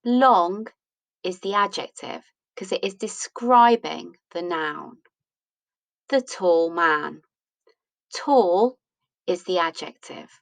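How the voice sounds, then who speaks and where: A woman's voice: lowish voice, lively intonation, slow, vocal fry, pauses often, no echo, low-quality recording. A woman teaching English grammar, patiently explaining rules and asking questions that she answers herself. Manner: patient, asks and answers her own questions.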